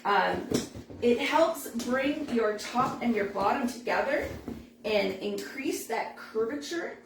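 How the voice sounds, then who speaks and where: A chatty woman with a fairly high voice talks through a hands-on balloon demonstration, laughing easily as she goes. She sounds set back from the microphone in a roomy space, with faint noise underneath. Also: animated, slow pace, recorded from a distance. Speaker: balloon instructor. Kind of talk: live demo tutorial.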